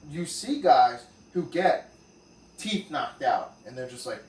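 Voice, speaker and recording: A man, a fighter and co-host, talking casually on a podcast in a relaxed, rambling way. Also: medium pitch, slow. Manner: relaxed, conversational, trails off with fillers. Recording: roomy and distant with faint background noise.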